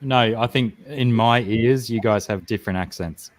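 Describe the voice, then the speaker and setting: A man's voice: fairly low pitch, normal speed, no room sound. A man with an Australian accent in casual, rambling chat on a stream. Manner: chatty, rambling with fillers.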